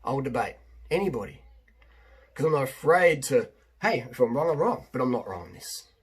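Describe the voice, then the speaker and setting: A husky-voiced man talks straight to his audience as a fitness coach. His monologue is casual and rambling, punched up with emphatic repeats. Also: mid-range voice, big pitch swings, moderate pace.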